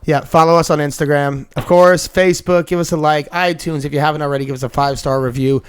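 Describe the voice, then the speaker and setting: A young man co-hosting a podcast in a casual, upbeat way, chiming in with quick agreements. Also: on the high side, steady tone, smooth. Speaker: podcast co-host. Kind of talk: casual live podcast chat.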